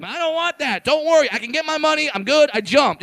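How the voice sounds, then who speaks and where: High, gravelly man doing brash stand-up. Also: lively intonation, a little fast, pushed and bright, soft background music. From California. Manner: brash, profane, punchy and insistent. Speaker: stand-up comedian. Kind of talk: stand-up routine. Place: comedy show stage.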